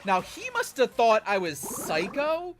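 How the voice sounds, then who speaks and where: A man's voice: very high voice, huge pitch swings, a little slow, music in the background. A young man streaming a game, telling a story in a rambling, self-deprecating way with lots of fillers. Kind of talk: casual chat while streaming a game.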